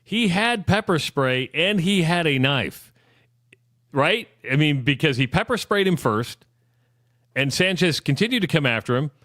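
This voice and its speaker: A man's voice: fairly high pitch, expressive, measured pace, fairly bright tone, no room sound. A man co-hosting a sports radio show, steering the chat with questions in a conversational studio back-and-forth. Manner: questioning, conversational, leading with prompts. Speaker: radio sports talk co-host.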